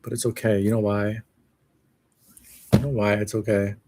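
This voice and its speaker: A man's voice: on the low side, level tone, moderate pace, noisy background. A man live streaming alone, rambling in a sardonic, self-mocking way as he reacts to what he reads. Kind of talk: casual solo live stream commentary.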